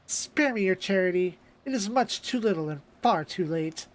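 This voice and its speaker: A man's voice: sits high, lively intonation, normal speed. A man voicing a defiant, proud young woman fighter, reading game dialogue aloud in a clipped, scornful way, with game music behind him.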